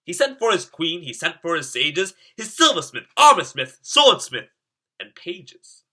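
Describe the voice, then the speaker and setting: A man reading a rhyming storybook aloud in a lively, sing-song way. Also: a little high, unhurried. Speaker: storybook reader.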